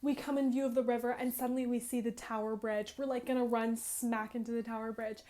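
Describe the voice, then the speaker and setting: A woman's voice: a little high, level tone, a little fast, warm tone. A young woman in her twenties vlogging, retelling a game's story in a chatty, dramatic way and saying "like" constantly. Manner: chatty, fills every phrase with "like". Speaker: gaming vlogger. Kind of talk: casual excited game retelling.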